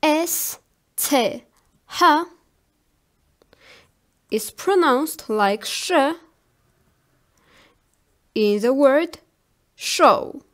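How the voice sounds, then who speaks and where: Woman language teacher, high voice, slow and deliberate, repeats each example word. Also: expressive. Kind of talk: slow spelled-out pronunciation lesson.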